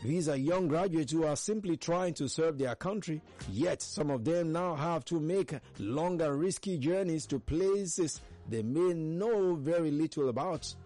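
A man with a Nigerian accent hosting a morning call-in radio show, speaking in an earnest, measured way and keeping callers firmly on topic. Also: on the high side, warm tone, soft background music. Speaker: radio phone-in host.

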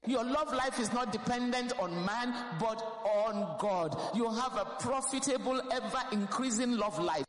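A woman's voice: fairly high pitch, measured pace, hardly any pauses. A woman pastor, preaching a sermon fervently and emphatically, repeating key phrases. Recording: roomy hall with long reverb.

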